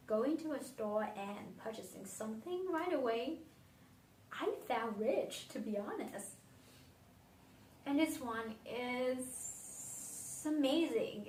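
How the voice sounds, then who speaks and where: A woman's voice: a little high, a little mellow, a little hiss or hum. A young woman from Vietnam, a non-native English speaker, talking through her favourite perfumes in a dreamy, reflective way that often trails off. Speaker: beauty vlogger. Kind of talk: casual fragrance review. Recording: roomy echo, slightly distant from mic.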